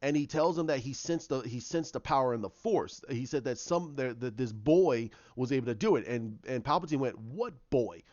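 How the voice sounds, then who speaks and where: A man's voice: medium pitch, a little fast, few pauses, a little mellow, dry recording, muffled recording. A man in a casual fan retelling, rambling along with many restarts. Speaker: fan commentator.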